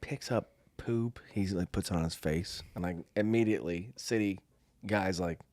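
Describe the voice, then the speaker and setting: A low-pitched middle-aged man from the US, heard in a dry recording at a moderate pace, co-hosts a podcast. He relates a story in relaxed chat, animatedly voicing the people involved and acting out their quotes.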